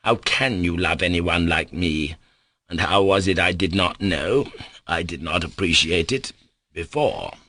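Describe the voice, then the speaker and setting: A man voicing a gentle, tender young man who is dying, speaking in soft, caressing words. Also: low-pitched, unhurried, no room sound, heavily acted. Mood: tender, joyful.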